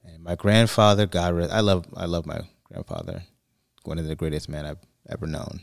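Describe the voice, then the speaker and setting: Male podcast co-host, deep and dry, chatty rambling storyteller. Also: fairly quick, creaky, no room sound. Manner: rambling, restarts and fillers, animated when quoting. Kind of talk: casual chat, storytelling.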